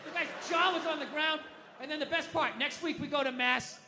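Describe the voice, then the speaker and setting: A man doing a stand-up comedy set, ranting loudly with heavy swearing and shouted impressions. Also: very high voice, steady tone, a little fast, long reverb tail, slight background noise. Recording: live club with audience laughter. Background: crowd laughing.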